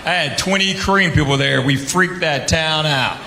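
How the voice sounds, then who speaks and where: Stand-up comic, male, slightly high voice, storyteller with quick character bits, live echoey club. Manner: storytelling with quick dialogue impressions. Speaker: stand-up comedian. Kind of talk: stand-up comedy set. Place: comedy club stage with laughing audience. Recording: echoey club with loud crowd noise.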